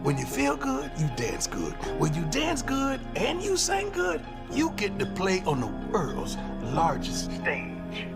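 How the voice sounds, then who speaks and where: A man's voice: on the high side, wildly swooping pitch, slow pace, few pauses, full character voice. A man in a promo clip plays a boastful football coach, talking in a playful, bragging way. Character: boastful male football coach playing a phone prank. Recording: promo clip with loud music.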